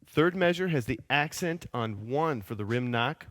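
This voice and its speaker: Man teaching drums over loud kit. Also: mid-range voice, moderate pace, few pauses, over loud music. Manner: counts beats aloud while playing; calm, patient explaining. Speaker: drum teacher. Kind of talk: step-by-step drum lesson. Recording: loud drum kit behind the voice. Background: drum kit played loudly.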